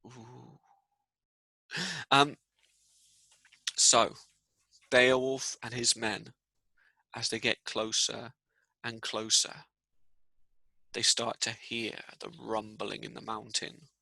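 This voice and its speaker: A man telling a story to children in a live lesson, playful and animated, dropping to a hush for the tense parts. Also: mid-range voice, slow, gravelly, pauses often, dry recording, rough recording. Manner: playful, animated storyteller who drops to hushed tones. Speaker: teacher reading out children's comments.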